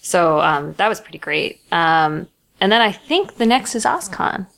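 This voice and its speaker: Podcast co-host, woman from Long Island, lowish voice, earnest and explanatory, laughs easily. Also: lively intonation, unhurried, gravelly, fairly bright tone. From Long Island, New York. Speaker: podcast co-host, executive director. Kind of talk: casual chat.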